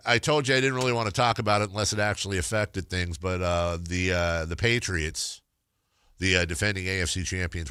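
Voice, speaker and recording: A man hosting a sports talk radio show, bantering with a sarcastic, jokey manner and sudden loud outbursts. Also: low-pitched, smooth, no room sound, studio quality. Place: radio studio. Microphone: studio microphone.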